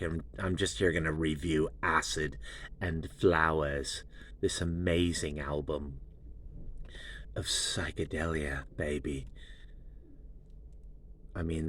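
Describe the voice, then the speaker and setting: A man's voice: rumbling low, fairly bright tone. A man hosting his own show, rambling in a grandiose, mock-sinister monologue before reviewing an album.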